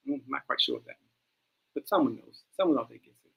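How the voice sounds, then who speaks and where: A man hosting a livestream, reading out phrases and commenting on them in an animated way, often repeating lines as he reads. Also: mid-range voice, fast, creaky, breathy edge, narrow, tinny audio. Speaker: livestream host.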